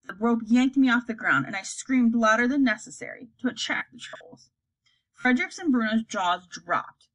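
Lively breathy woman reading a storybook. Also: fairly high pitch, moderate pace, low-quality recording. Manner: acts out characters, lively delivery. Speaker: audiobook reader.

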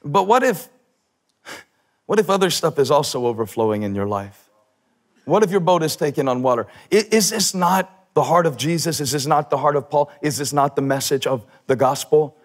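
Male pastor, high swooping voice, sermon delivery, bursts of shouted emphasis, playful asides. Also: expressive, moderate pace. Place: church stage.

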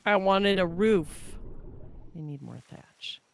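A woman's voice: mid-range voice, expressive, takes it slowly, vocal fry. A young woman streaming a survival game, chatting casually, thinking aloud as she builds and thanking viewers from chat. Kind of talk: casual live-stream chat while playing.

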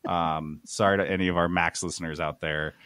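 A man on a podcast telling a story casually, animated and exasperated, swearing freely. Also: deep voice, a little fast, no echo. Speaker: podcast host.

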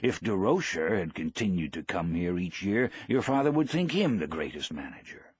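A man reading the part of an elderly, proud, gentle fisherman, speaking plainly and quietly. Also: low voice, big pitch swings, moderate pace, breathy edge, exaggerated voice.

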